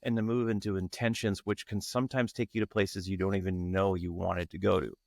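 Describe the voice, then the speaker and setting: A man's voice: low-pitched, flat delivery, brisk, gravelly, darkish tone, no room sound. Earnest man talking in a dry room. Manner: earnest, searching, frequent restarts. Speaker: guest, tantra facilitator. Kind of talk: reflective interview talk.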